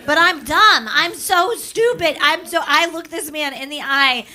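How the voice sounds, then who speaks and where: A woman's voice: high-pitched, measured pace. A pregnant woman doing stand-up crowd work, playful and teasing and laughing often, in a comedy club. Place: comedy club with a live audience. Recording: loud crowd laughter and noise.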